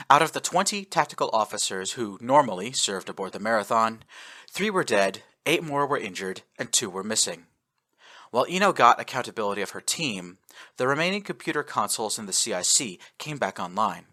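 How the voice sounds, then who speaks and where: A man narrating a science fiction fan fiction story with an expressive, animated reading. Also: fairly low pitch, brisk.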